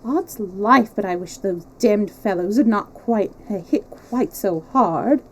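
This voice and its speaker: A woman voicing a weak, wounded English gentleman with sleepy, drawly, affected tones. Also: medium pitch, takes it slowly, a little hiss or hum. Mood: drawling.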